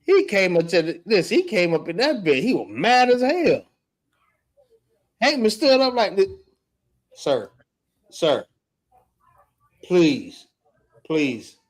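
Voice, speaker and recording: A man teaching scripture in an animated, slangy way, often laughing. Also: high-pitched, moderate pace. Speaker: religious teacher.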